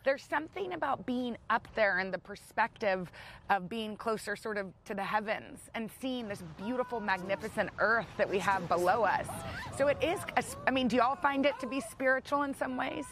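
A woman's voice: fairly high pitch, normal speed, a little hiss or hum. A woman in her thirties co-hosting a talk show, chatting eagerly and often restarting her sentences. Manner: excited and chatty, with frequent restarts and laughter. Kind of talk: casual chat.

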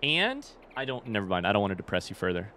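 A man's voice: lowish voice, sing-song, fast, sharp tone, slight background noise. A young man chatting casually with his live chat while playing a farming game, swearing now and then. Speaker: streamer. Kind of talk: casual live-stream gaming commentary.

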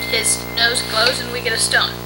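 A woman's voice: fairly high pitch, little pitch movement, music in the background, poor audio. Sarcastic woman playing games. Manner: sarcastic, quick quips. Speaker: let's play co-host. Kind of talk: casual gameplay commentary.

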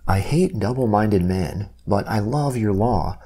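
A man reading Bible passages aloud in a measured, steady way, giving the quoted lines only a light lift. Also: lowish voice. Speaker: Bible reader.

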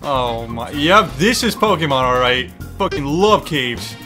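A young man giving excitable, profane let's-play commentary, talking to the game and its creatures as he plays. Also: mid-range voice, measured pace, over music. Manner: excitable, swearing, talks to the game. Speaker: gaming YouTuber.

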